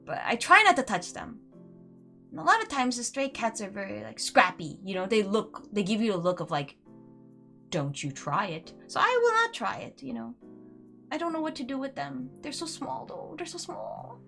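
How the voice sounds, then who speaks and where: A woman's voice: a little high, sing-song, normal speed, gravelly, pushed and bright, soft background music. A woman streaming a game, giving casual, rambling commentary full of "like" and "you know". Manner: chatty, rambling, uses "like" a lot.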